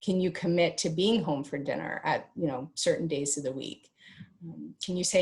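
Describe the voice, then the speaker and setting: A middle-aged woman speaking as an expert guest in an interview, giving parenting advice in an animated way and acting out family dialogues. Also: moderate pace, creaky. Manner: animated, acts out family dialogues with big pitch jumps. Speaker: guest expert on teen mental health.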